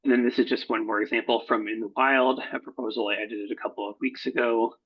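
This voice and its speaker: A man who edits research proposals, talking through slides in a recorded workshop, halting often with fillers and self-corrections. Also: medium pitch, fairly even intonation, slightly rough. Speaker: proposal editor. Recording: dull lo-fi recording.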